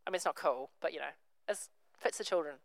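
A woman's voice: sits low, fast talker, vocal fry, no room sound, poor audio. A woman, preaching a sermon, telling a story and acting out the characters' voices.

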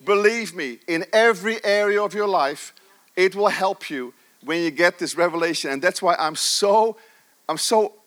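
High, bright-voiced passionate male preacher. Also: normal speed. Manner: passionate, emphatic, repeats phrases. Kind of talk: sermon.

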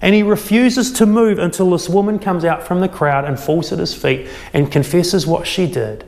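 A man delivers a sermon, retelling a story with animated, acted-out quotes. His voice sits a bit high. It rings out with the long reverb of a large hall. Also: moderate pace, creaky. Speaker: pastor.

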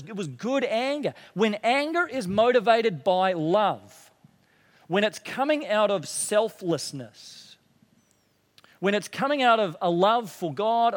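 A man preaching a sermon as pastor, earnest, dropping low and quiet for emphasis and rising when stirred. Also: big-room sound.

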